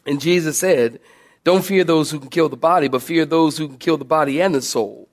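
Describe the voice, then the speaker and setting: A man preaching a sermon as pastor, telling a humorous personal story to his congregation with animated delivery. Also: a little high, fairly quick. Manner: southern-style "y'all" to congregation.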